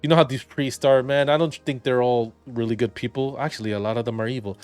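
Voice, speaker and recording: A man's voice: medium pitch, fairly even intonation, fast talker, darkish tone, soft background music. A man giving rambling, jokey let's play commentary and reading the game's dialogue aloud. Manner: rambling, jokey, reads game text aloud. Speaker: gaming video commentator.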